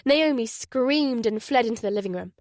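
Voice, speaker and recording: A woman reading a thriller audiobook in an even, measured narration. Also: a little high, dry recording, studio quality. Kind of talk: scripted narration.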